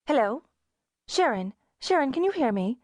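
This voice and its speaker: A woman's voice: sits high, sing-song, normal speed, no room sound, studio quality, pitched above the performer's own voice. A woman narrator voicing an exhausted, frazzled young mother with an exasperated, pleading manner.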